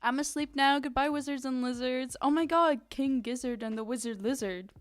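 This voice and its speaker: A woman's voice: sits high, moderate pace, dry recording, faint music behind. A woman streamer chatting casually and reading chat aloud, giggling often and using lots of fillers. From Ukraine.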